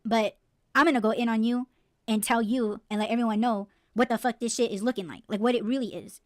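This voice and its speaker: A woman's voice: a little high, steady tone, a little fast, darkish tone, dry recording, clean studio sound. A woman hosting a podcast, ranting bluntly and swearing freely in a casual, heated way. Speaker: podcast host.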